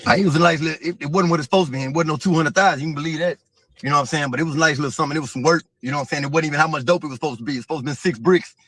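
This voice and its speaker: A man's voice: fairly high pitch, very fast, a bit bright. A man telling a profane, vivid story as an interview guest. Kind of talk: casual storytelling.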